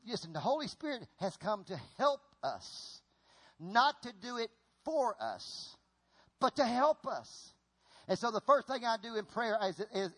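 A middle-aged man preaching a sermon in an animated, folksy way, often repeating himself as he acts out an example on stage. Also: sits high.

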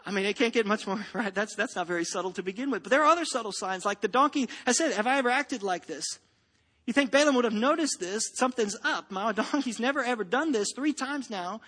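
Man, preacher, sermon, joking storyteller, bright voice, hall reverb. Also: sits high, expressive, fast talker, slightly rough. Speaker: pastor.

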